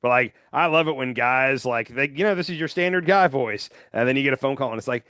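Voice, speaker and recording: Lively male podcast host, dry sound. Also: medium pitch, fast, hardly any pauses, dry recording. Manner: animated, jokey, trails off quietly at ends of thoughts. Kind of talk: casual political chat.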